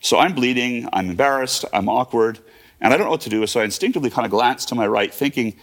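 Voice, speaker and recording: A man's voice: medium pitch, expressive, fast. A man in his fifties telling a personal story in a vivid present-tense retelling, with fillers and restarts. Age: 50s. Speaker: guest.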